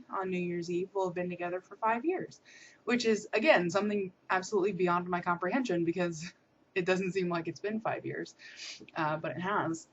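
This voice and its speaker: A woman's voice: on the low side, slight background noise. Chatty young American woman, lo-fi vlog. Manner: chatty, upbeat, many ums and soft laughs. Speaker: vlogger. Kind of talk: casual video diary update. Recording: muffled lo-fi camera audio.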